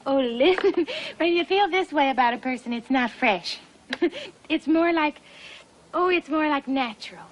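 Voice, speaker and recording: A woman's voice: sits high, lively intonation, unhurried, a little hiss or hum, rough recording. An actress playing a giddy young woman in love, gushing and giggly, in an old film.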